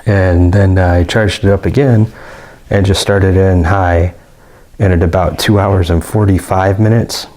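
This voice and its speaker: A man's voice: deep voice, warm tone. A man giving a casual, rambling product review with many fillers and restarts. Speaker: gear reviewer.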